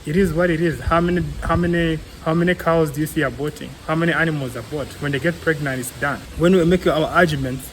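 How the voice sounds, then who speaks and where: A young man with a Ugandan English accent talks through his argument in a fairly high voice, earnest and full of fillers. Faint background noise runs under the recording. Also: quick pace, few pauses, low-quality recording. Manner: earnest, argues with everyday examples, many fillers. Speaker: co-host, clinical psychologist. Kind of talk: casual podcast discussion.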